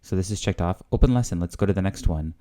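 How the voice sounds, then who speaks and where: Low-voiced man musing hesitantly. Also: fast talker, warm tone. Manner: hesitant, full of fillers and guesses. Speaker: language learner hosting a video series. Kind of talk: casual thinking-aloud commentary.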